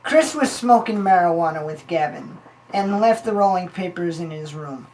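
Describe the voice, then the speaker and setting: A woman playing a rambling, scheming female informant who tells long stories in a deadpan way. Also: fairly low pitch, moderate pace, a little hiss or hum, close to an everyday voice, rough recording. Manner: long-winded, deadpan storytelling.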